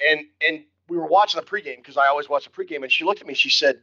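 An older man chatting about a game in a bright, slightly raised voice, jovial and easygoing. He often stumbles over his first words before getting going. The audio is dull and lo-fi. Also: on the high side, rapid-fire, few pauses. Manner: jovial, repeats words when starting a thought. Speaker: podcast co-host. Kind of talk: casual sports chat.

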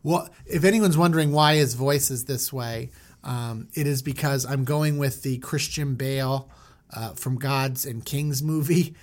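A man's voice: medium pitch, measured pace. A man co-hosting a casual chat, retelling a story in a playful, jokey way.

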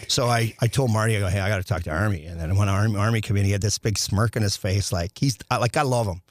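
A man's voice: on the low side, fast talker, no room sound, studio quality. A middle-aged man, a former hockey player, telling long stories in a casual chat, restarting sentences often and acting out dialogue. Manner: rambling with many restarts, acts out quoted dialogue.

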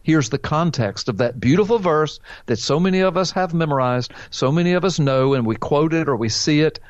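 A man's voice: fairly high pitch, animated, a little fast, no room sound, lo-fi sound. A man hosting a call-in show as a pastor, preaching emphatically, quoting scripture and asking rhetorical questions. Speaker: pastor answering a caller.

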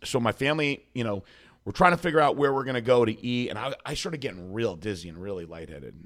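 A man telling a story with lively flair. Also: medium pitch, fast. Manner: lively storyteller, swears freely, mimics others in a raised voice. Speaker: podcast guest, bodybuilding coach. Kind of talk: storytelling in a casual interview.

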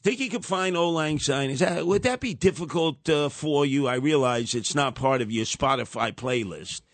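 A man's voice: medium pitch, expressive, moderate pace, dry recording. An older man hosting a radio talk show, rambling and wisecracking as he ribs his younger co-hosts. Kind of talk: casual talk radio banter.

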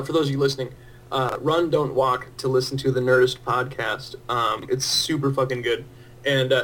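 A man's voice: medium pitch, rough recording. Profane laughing male podcast guest. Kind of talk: casual chat.

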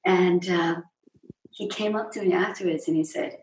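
A woman's voice: on the low side, fairly even intonation, normal speed, a little hiss or hum. A woman stage actress telling stories as an interview guest, chatty, breaking off mid-sentence and acting out what others said. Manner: chatty, self-interrupting, acts out quotes. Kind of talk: anecdotal interview storytelling. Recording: roomy echo, distant mic.

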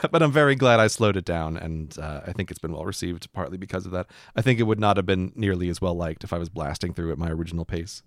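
A man's voice: sits low, expressive, fast, hardly any pauses, no room sound, studio quality. A man co-hosting a podcast, chatting casually and reflectively, with lots of "like" fillers. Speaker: podcast co-host. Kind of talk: casual chat.

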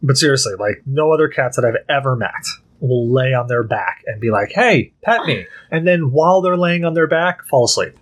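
A man hosting a podcast, chatting casually and telling animated, joking stories. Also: mid-range voice, brisk, hardly any pauses. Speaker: podcast host. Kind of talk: casual chat.

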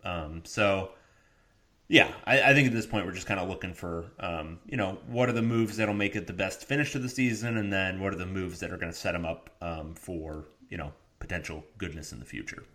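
A man with a somewhat low voice chats about sports in a relaxed way, filling pauses with ums. He drops in dry, joking asides. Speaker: sports podcast co-host. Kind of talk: casual sports chat.

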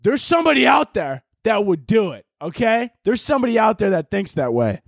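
A young man hosting a podcast, talking in a loose, rambling comedic monologue, swearing and breaking into shouted mock-dramatic lines. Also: sits high, sing-song, brisk, vocal fry, no echo, clean studio sound. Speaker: podcast host.

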